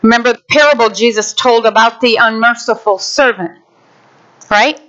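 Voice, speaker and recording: Woman preacher, high voice, animated storyteller who acts out the characters; muffled lo-fi sound. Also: normal speed. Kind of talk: sermon. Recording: dull lo-fi sound.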